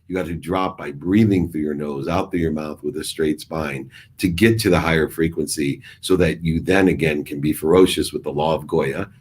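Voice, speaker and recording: Low husky man giving a motivational talk. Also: normal speed, hardly any pauses. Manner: emphatic, preachy, repetitive phrasing. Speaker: motivational speaker.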